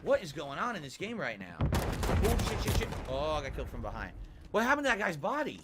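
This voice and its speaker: A man streaming a shooter game, excitable and swearing a lot as he plays. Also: on the high side, brisk, very noisy. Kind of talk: live gameplay commentary. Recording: game gunfire and sounds behind.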